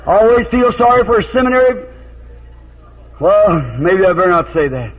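A man with a very high, thin voice preaches a revival sermon, spinning folksy stories and breaking into shouted hallelujahs. The recording is a tinny, phone-like old tape. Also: moderate pace, long pauses.

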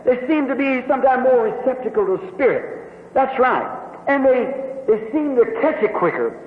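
A high-voiced man preaches with emphatic, vivid storytelling. His voice is thin and tinny like a phone line, with a long reverb from a big hall and faint noise underneath. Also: big pitch swings, moderate pace. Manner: emphatic, vivid, repeats himself. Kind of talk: sermon with dramatic storytelling.

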